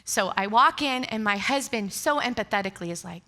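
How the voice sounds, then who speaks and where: Animated woman pastor with a bright voice. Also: medium pitch, moderate pace. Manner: animated, acts out dialogue with laughs. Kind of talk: sermon storytelling. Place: church stage.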